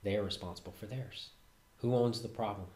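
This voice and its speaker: A man with a fairly low voice gives a calm, reflective self-help talk. His phrases trail off softly at the ends. The sound is roomy and echoey. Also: brisk. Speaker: host. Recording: roomy echo.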